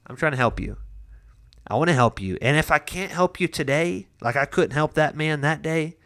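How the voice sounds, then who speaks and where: A man's voice: a little high, normal speed, a bit bright. A young adult man, a pastor giving a casual devotional talk, earnest and conversational with frequent restarts and personal stories.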